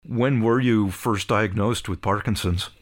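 A man hosts the interview, asking questions in a lowish, calm voice. His manner is friendly and even as he leads the guest through his story. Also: measured pace.

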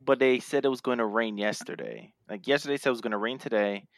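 A man co-hosting a casual podcast, talking in an animated, ranting way with playful self-hype. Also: mid-range voice, fast, creaky, dry recording, studio quality. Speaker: podcast co-host. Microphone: remote podcast mic.

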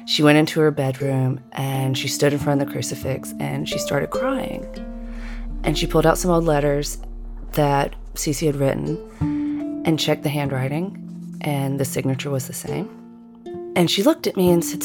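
A middle-aged woman narrating a personal story in a measured, deliberate way. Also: low-pitched. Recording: guitar music underneath.

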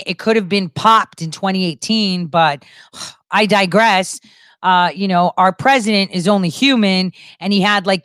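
A woman's voice: mid-range voice, a bit bright, dry recording, studio quality. A woman giving an emphatic, repetitive political monologue with crude asides.

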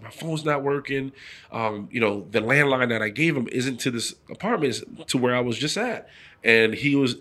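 A man's voice: medium pitch, a bit bright. A middle-aged man, a former pro football player, telling a long story in a casual interview and acting out the voices of the people in it.

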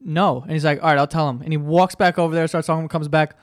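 A man's voice: on the high side, fairly even intonation, fast, dry recording, clean studio sound. A man hosting a podcast, telling bar stories in a loose, joking way with swearing, and reading an ad plug. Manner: loose, joking storytelling with profanity. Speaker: podcast host. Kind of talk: casual chat.

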